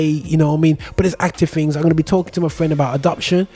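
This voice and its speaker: A man hosts a casual podcast conversation, talking animatedly in street slang and checking in with "you know what I mean" at every turn. His voice sits a little high for a man, husky and mellow, with faint music underneath. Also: very fast, few pauses. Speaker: host.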